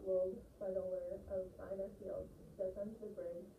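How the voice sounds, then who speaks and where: Sex: woman. Role: teacher. Style: reading aloud to a class. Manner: calm, gentle instructions. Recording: roomy classroom, mic far away, audible background noise. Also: mid-range voice, normal speed, creaky, few pauses, narrow, tinny audio.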